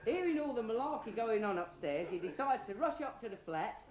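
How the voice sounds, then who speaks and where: A man's voice: high voice, big pitch swings, a little fast, darkish tone. Cheeky Cockney man telling bawdy tales. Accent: London Cockney. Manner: rambling, cheeky, slangy. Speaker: storyteller. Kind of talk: bawdy comic storytelling. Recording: roomy echo, faint hiss.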